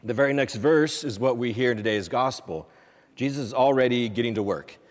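Priest giving a relaxed homily. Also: male voice, medium pitch, brisk. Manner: relaxed, conversational, with fillers and restarts. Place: church. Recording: long church reverb.

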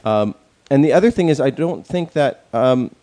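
A man's voice: mid-range voice, expressive, normal speed, dark tone. A man in a casual chat, rambling with many fillers and restarts and speaking bluntly, with some profanity.

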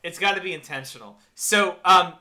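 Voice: mid-range voice, moderate pace, sharp tone. A podcast co-host ranting sarcastically about a bad movie in casual, profane banter.

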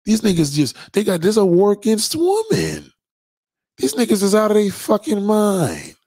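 A man hosts a profane, blunt monologue aimed at his viewers. His voice is husky and sits a little high for a man, with big swings in pitch. The sound is dry and close. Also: normal speed, no room sound. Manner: profane, blunt, animated ranting. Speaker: host.

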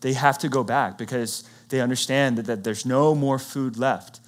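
A man preaching, retelling a Bible story in a conversational, animated way and acting out what the characters say. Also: medium pitch, moderate pace. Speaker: pastor.

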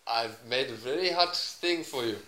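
A man's voice: mid-range voice, animated, moderate pace, pushed and bright, echoey room, rough recording. A man voicing a pushy Indian cook in a put-on Indian accent, insistent and lilting. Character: pushy Indian cook offering a hot dish.

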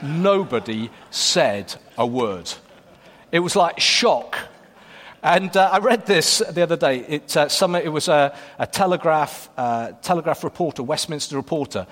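A man's voice: on the high side, animated, a little slow, fairly bright tone. A man from Wales, preaching a sermon and reading scripture, talking in a loose, conversational way with many fillers and restarts. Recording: long reverb of a hall.

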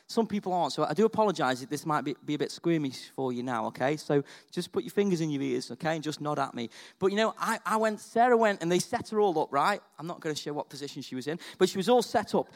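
A man preaching with a high, bright voice. He tells his story chattily, checking in with "right?" and "okay?". He swings from quiet confiding asides to excited, almost shouted peaks. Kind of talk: sermon.

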